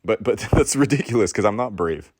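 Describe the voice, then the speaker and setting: A man with a very deep, low voice delivers a preachy motivational monologue, leaning into a sermon-like rhythm. He repeats his key phrases and leaves long dramatic pauses, often restarting mid-sentence with a stammer. The sound is close and dry, with no room around it. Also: animated, darkish tone, no room sound. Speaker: podcast host.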